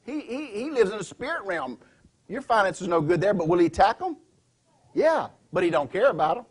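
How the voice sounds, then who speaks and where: Emphatic pastor, husky and high. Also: male voice, big pitch swings, brisk. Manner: emphatic, asks the congregation questions. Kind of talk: sermon. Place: church sanctuary.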